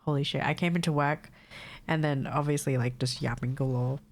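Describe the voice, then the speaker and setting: Her voice is low, steady and a little fast, yet nasal and congested from a cold. The young woman chats informally with her stream audience, cursing freely and laughing frequently.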